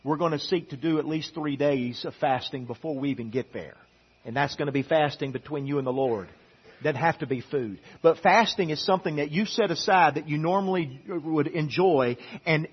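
A man preaching a sermon in a church, moving from quiet asides to emphatic repeated lines, on a dull lo-fi recording. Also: on the high side, moderate pace, husky. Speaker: pastor. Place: church sanctuary.

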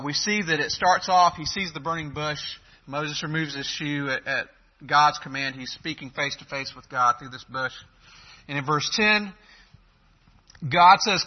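A man preaching a sermon, emphatic, swinging between loud and soft, with hesitant restarts. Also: fairly high pitch. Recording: dull lo-fi recording.

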